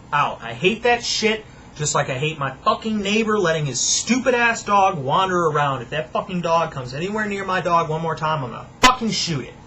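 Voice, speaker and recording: A man's voice: fairly high pitch, bright, forceful tone, a little hiss or hum, low-quality recording. A young man at home delivering an angry, profane, sarcastic rant to his viewers. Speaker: vlogger. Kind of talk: profane ranting monologue.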